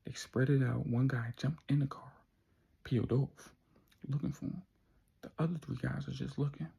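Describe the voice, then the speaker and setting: A man tells a story in a slangy, conversational way, pausing for drama. His voice is strongly gravelly and very husky. The tone is dark and mellow. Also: medium pitch, fairly even intonation. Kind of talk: casual spoken storytelling.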